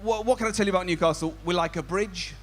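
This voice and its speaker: A man's voice: high voice, fast talker. A young man working as a comedy compere, doing crowd work at a live gig in a tent, chatty and self-mocking.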